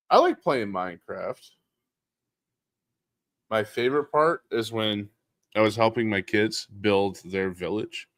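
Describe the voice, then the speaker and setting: Deep-voiced joking podcast host man. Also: dry recording, clean studio sound. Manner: loose, joking, laughs often, swears freely; loud bursts and laughter inside relaxed talk. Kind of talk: casual podcast chat.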